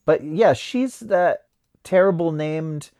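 A man's voice: on the high side, slow, a little mellow. A man hosting a podcast, chatting casually and reading names off a list while looking them up. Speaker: podcast host. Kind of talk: casual chat.

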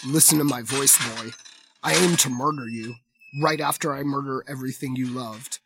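A man's voice: mid-range voice, normal speed, vocal fry, fairly bright tone, slight background noise. A man reading aloud the lines of a cold, vengeful male bounty hunter who speaks in a curt, threatening way. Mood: menacing.

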